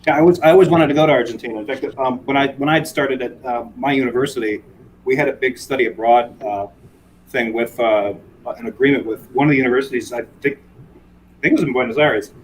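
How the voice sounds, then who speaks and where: A man's voice: mid-range voice, fast, a little hiss or hum. A man talking in a casual chat as a guest, hesitant, with frequent restarts. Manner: hesitant, many restarts and ums.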